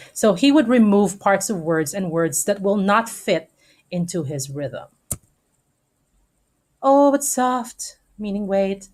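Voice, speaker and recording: A woman teacher giving a recorded online lesson to students, explaining step by step and checking in often with a quick "okay?". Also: medium pitch, a little mellow.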